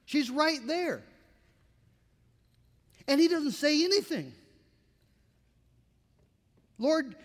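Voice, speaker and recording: A man preaching a sermon as a pastor, in a conversational, animated way with asides to the congregation. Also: very high-pitched, long reverb tail.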